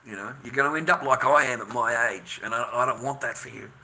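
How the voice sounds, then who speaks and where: A man's voice: mid-range voice, fast, sharp tone, a little hiss or hum. An Australian man in his fifties on a livestream, lecturing the men in his audience in a heated, profane rant. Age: 50s. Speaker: livestreamer addressing viewers. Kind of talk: ranting livestream monologue.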